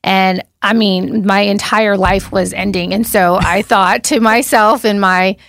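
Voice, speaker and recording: A woman in her forties telling a wild story on a casual podcast, animated and laughing, swearing freely. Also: medium pitch, a little slow, no echo, studio quality. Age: 40s. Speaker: podcast co-host.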